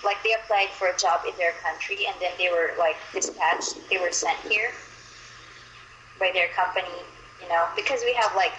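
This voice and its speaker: A young woman from Manila with a Filipino accent talks casually and chattily, stringing thoughts together with plenty of fillers. Her voice is bright and clear. She sounds like she is in a roomy, echoing space with a faint hiss behind her. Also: fairly low pitch, fairly even intonation, moderate pace, lo-fi sound. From Philippines, Manila. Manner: chatty, loose, with frequent fillers. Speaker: conversation partner. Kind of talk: casual chat. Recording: roomy echo.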